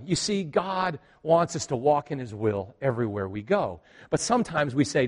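A male pastor telling a story in a sermon, swinging between loud and hushed and joking with the congregation. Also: a little high, very animated, moderate pace. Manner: jokes with the congregation.

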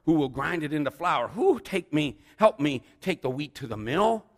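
A man's voice: on the high side, big pitch swings, normal speed, long reverb tail, voice pushed up. A man doing an insistent little hen. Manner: clucking, insistent storybook reading. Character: busy, put-upon little hen, female.

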